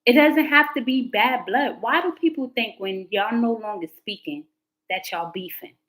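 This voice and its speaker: A woman's voice: a little high, normal speed, fairly bright tone, poor audio. Chatty woman tarot reader on a livestream. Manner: chatty and candid, slangy, talks back to chat comments. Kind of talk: casual livestream chat with viewers.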